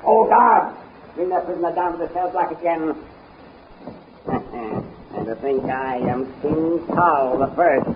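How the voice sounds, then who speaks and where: A man's voice: medium pitch, slow, pauses often, lightly acted. A man playing a gloating, pompous usurper king. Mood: domineering. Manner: chuckling, pompous, menacing. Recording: dull old radio broadcast with faint hiss.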